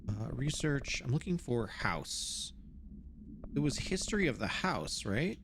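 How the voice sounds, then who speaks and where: Lively joking man streaming a game. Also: mid-range voice, a little slow, background noise. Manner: joking, reacting aloud while reading in-game notes. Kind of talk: live gameplay commentary.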